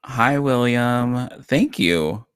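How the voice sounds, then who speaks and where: A man's voice: medium pitch, expressive, extremely slow, fairly bright tone, smooth, no echo, studio quality. A man co-hosting a casual live-stream chat show, rambling and chatty with lots of fillers and self-corrections. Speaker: co-host.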